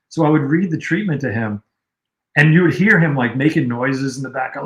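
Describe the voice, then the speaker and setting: A man in casual conversation, recounting old stories in a relaxed, rambling way, with fillers. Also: fairly high pitch, a little fast. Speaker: guest, music video director. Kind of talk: casual storytelling on a livestream. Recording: roomy echo.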